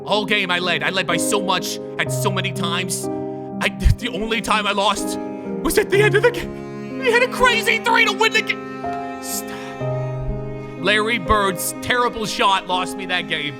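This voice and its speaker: Excitable male gaming host, very high voice, play-by-play over loud game music. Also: moderate pace. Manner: excitable, shouts and groans at the game. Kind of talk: live gameplay commentary.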